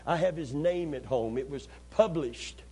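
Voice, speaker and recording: Pitched fairly high and breathy, this man's voice moves at a measured pace. In his sermon he tells humorous, folksy stories in a lively manner and invites the congregation to respond aloud.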